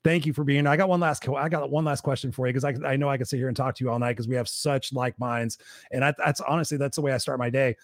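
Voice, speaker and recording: A man's voice: medium pitch, steady tone, fast talker, dry recording, studio quality. A man hosting a podcast, enthusiastic and agreeable with his guest. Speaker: podcast host. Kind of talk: casual podcast chat.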